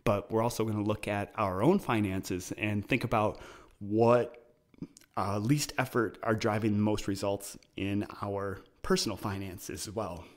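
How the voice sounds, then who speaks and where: A man's voice: lowish voice, steady tone, unhurried. A man hosting his own podcast, talking casually and explaining ideas through personal stories. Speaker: podcast host. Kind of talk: casual solo podcast talk.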